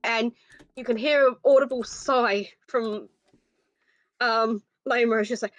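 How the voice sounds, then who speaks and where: A woman narrating a tabletop game as game master, describing scenes with frequent pauses. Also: fairly high pitch, steady tone, no room sound.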